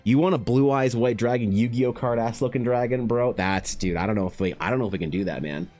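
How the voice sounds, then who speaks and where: A man's voice: medium pitch, quick pace, a little mellow. A man hosting an art livestream, overwhelmed and emotional, who swears a lot and stammers through restarts as he talks. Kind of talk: casual livestream chat.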